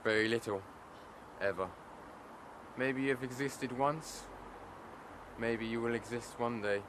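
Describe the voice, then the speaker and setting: A man playing a cryptic, aloof wandering man who speaks in slow riddles, on a city street. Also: medium pitch, noisy background, lightly acted.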